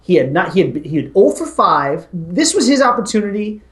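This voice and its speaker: Male co-host, opinionated movie banter, lively delivery, roomy echo. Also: high-pitched, brisk. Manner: opinionated, animated. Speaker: podcast co-host. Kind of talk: casual movie talk.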